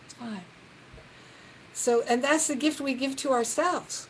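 Gentle, earnest woman with a high voice. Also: steady tone, normal speed, slight background noise, rough recording. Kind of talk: reflective spiritual talk.

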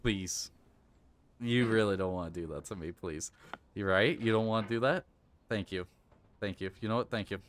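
A man streams a video game live, with a somewhat low, everyday voice. He narrates his own moves, urges himself to stay calm, and curses when the game beats him. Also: moderate pace, long pauses, a little hiss or hum. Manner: frustrated, swearing, coaching himself aloud. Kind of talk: casual live-stream commentary.

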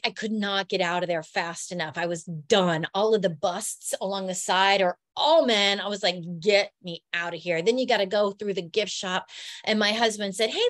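A middle-aged woman hosting a podcast recounts a personal experience earnestly and emotionally, in animated storytelling. Her voice is medium-pitched, with no echo.

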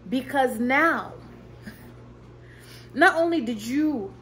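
A woman delivers a fervent, preachy motivational faith talk with a fairly high voice. She slows down to press her points home and mixes in casual asides and light laughs. A faint hiss sits under the recording. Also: poor audio. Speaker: Christian motivational coach.

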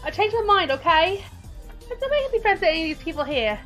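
A woman's voice: very high-pitched, very animated, fast, a bit bright, soft background music, voice pushed up, full character voice. A woman voicing a possessive, defensive young female troll, in a put-on sitcom-mom voice with a muddled accent. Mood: intense clingy. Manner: snappy, defensive, intense.

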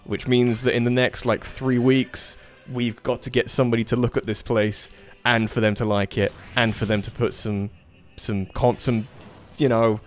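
A young man streaming a fighting game, chatting casually about moving house and swearing at his opponents. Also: mid-range voice. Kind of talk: casual gaming commentary. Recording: faint game music behind.

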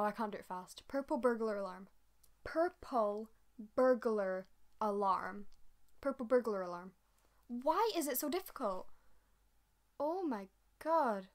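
A young Scottish woman chatting in a casual vlog and slowly repeating tongue-twister phrases. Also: a little high. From Scotland. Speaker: YouTuber.

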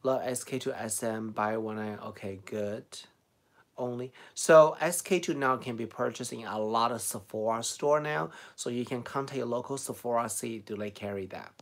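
A man's voice: medium pitch, moderate pace. Chatty man with a Chinese accent. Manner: chatty, laughs often, reads out viewer comments. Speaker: beauty vlogger answering live chat. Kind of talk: casual live stream chat.

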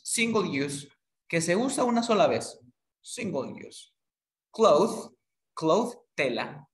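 A man teaching a one-on-one lesson, patiently saying each word slowly and repeating it. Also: a little high, fairly bright tone. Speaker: English tutor.

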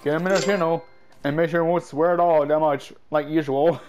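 A man giving casual gameplay commentary, excitable and yelping at every mishap, with a stuffy nose. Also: a little high, fairly quick, faint music behind. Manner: excitable, yelps and shouts at mishaps. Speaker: gaming YouTuber.

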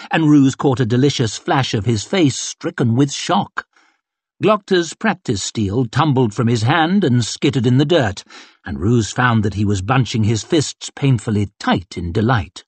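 A man narrating an audiobook in a dramatic, expressive storytelling manner. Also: mid-range voice, measured pace, breathy edge, no echo.

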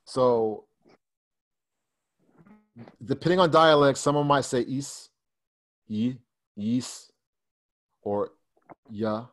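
A man's voice: medium pitch, drawn-out words, pauses often. A man teaching a group over a video call in a casual, conversational way, often restarting and repeating himself as he explains. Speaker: Bible Hebrew teacher. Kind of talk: casual online study session. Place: online fellowship call.

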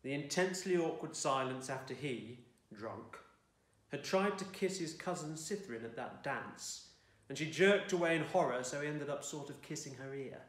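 A man's voice: fairly high pitch, animated, moderate pace, reverberant. A man reading his own fiction aloud in a dry, wry storytelling manner. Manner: dry, wry storytelling, belting out the shouted lines of dialogue. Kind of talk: expressive audiobook-style reading. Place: home room.

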